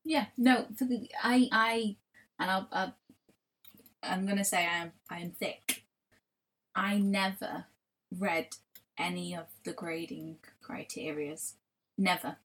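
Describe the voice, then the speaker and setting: A woman's voice: on the low side, slow, pauses often, fairly bright tone. A young woman co-hosting a podcast in casual chat, rambling and swearing with frequent restarts. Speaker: podcast co-host.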